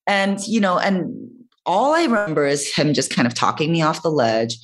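A young woman telling a personal story in a casual podcast chat, expressive and animated. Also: fairly low pitch, normal speed. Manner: expressive, animated, swearing and laughing. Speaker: podcast guest.

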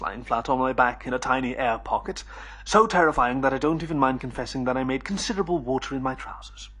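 A man narrating a first-person audiobook in a measured storytelling manner. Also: mid-range voice, a bit bright, breathy edge.

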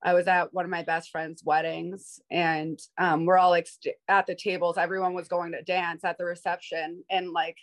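A woman's voice: on the low side, little pitch movement, normal speed, hardly any pauses, poor audio. Candid, outgoing woman in her thirties. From Boston, USA. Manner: outgoing, candid, laughs often. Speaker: guest, sober bartender. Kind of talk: casual interview storytelling. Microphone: video call.

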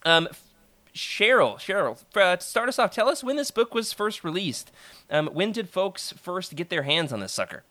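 An animated man hosts a casual podcast, his voice bright and a bit high, swinging lively through his sentences. He jokes and laughs often. The sound is dry and close. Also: normal speed, dry recording. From American South. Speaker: podcast host. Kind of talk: casual book-discussion podcast.

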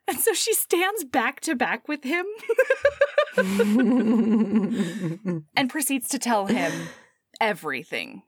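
A woman's voice: fairly high pitch, slow pace, long pauses, breathy edge, dry recording, studio quality. A woman co-hosting a casual podcast chat, animatedly retelling a novel's plot and acting out the characters' lines. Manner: animated storytelling, acts out characters' lines, laughs often. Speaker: podcast co-host. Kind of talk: casual book recap chat.

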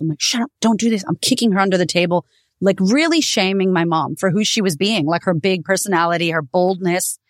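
A woman podcast host with a lower voice tells her own story in a candid, animated way. Her speech is close to the mic with a dry sound and no room echo. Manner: candid, animated, swears freely. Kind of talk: personal storytelling monologue.

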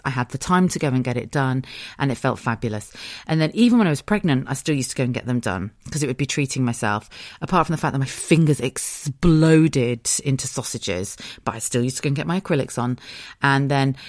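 A woman's voice: rumbling low, a little fast, darkish tone, no echo, clean studio sound. A woman hosting a podcast in casual solo chat, candid and laughing often, swearing freely. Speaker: podcast host.

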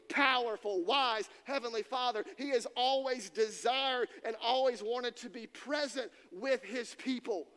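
A man's voice: very high-pitched, fairly bright tone. A man preaching a sermon to students, emphatic and repeating key phrases for weight. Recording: long reverb in a hall.

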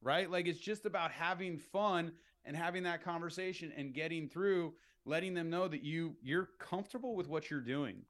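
Podcast guest, middle-aged man, lively storyteller, slips into upbeat phone voices, slightly higher pitch. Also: normal speed, few pauses. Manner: animated, acts out phone calls in upbeat voices. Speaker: real estate entrepreneur guest. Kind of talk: podcast interview, explaining sales tactics.

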